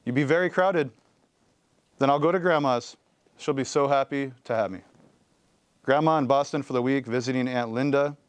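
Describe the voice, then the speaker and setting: A man doing a calm patient mother in a read-aloud story, gentle and reasonable, dry close mic. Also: mid-range voice, normal speed, pauses often, smooth, dry recording, lightly acted.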